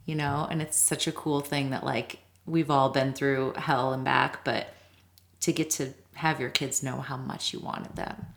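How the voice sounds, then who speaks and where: A woman hosting an interview podcast, chatting casually and answering her guest with soft affirmations. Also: a bass voice, little pitch movement, measured pace, gravelly. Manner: warm affirmations, gets teary. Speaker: podcast host.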